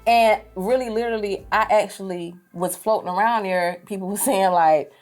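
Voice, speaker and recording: A woman giving a casual faith testimony as an interview guest, telling her story in an animated, chatty way. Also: medium pitch, moderate pace, faint music behind. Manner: animated storytelling, frequent "you know what I'm saying".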